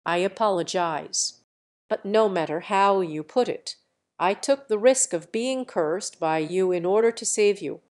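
Woman voicing a cocky young guy warrior in a web novel audiobook, calm and preachy, same mid voice. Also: mid-range voice, a little slow, natural voice. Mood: explaining. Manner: calm, lecturing, self-assured. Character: brash, easygoing young male martial hero.

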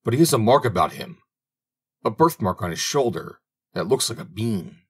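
Older peasant father, stern and worried, read by a man; low, husky, lively pitch. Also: normal speed. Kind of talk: audiobook reading.

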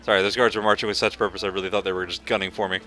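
A man's voice: low voice, flat delivery, rapid-fire, bright, forceful tone, faint music behind. A man streaming a video game, chatting casually and joking at the characters as he plays. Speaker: gaming streamer. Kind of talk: casual let's-play commentary.

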